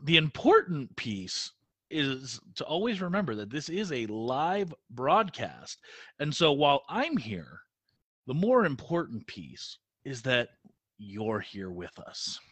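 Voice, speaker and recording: A man co-hosting a casual live podcast, stuffy and congested from a cold, talking haltingly with many fillers. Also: medium pitch, very animated, fairly bright tone, husky, no room sound. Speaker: podcast co-host.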